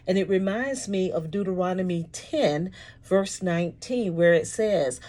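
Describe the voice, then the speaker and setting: A woman telling a faith story in a folksy, emphatic way, slowing down to stress key words. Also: on the low side, darkish tone. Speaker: Christian speaker.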